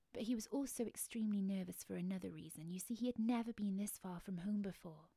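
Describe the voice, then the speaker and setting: A woman telling a story to the listener during an outdoor walk, gentle and often dropping to a whisper. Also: mid-range voice, fast, creaky, few pauses, dry recording. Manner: gentle, hushed, speaks to the listener. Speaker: storyteller and guide.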